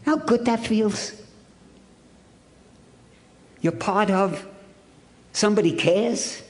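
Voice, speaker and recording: Here the Ohio man's high voice sounds a little slow and a touch mellow as he shares his recovery story with a hotel conference hall audience. He stays punchy and wry, circling back through repeated phrases.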